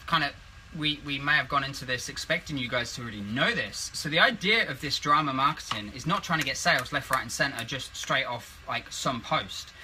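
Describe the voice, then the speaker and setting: A man's voice: mid-range voice, animated, fairly quick, bright, forceful tone, a little hiss or hum, rough recording. A British man giving casual business advice, rambling and losing his thread as he talks. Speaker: co-host.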